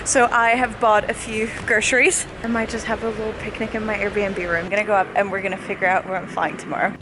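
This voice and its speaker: A young woman travel vlogger talks casually to a handheld camera, upbeat, chatty, and often laughing, while out of breath walking uphill. She moves between outdoors and indoors on her trip, speaking fast in a mid-range voice with little pitch movement, over a noisy background with music underneath.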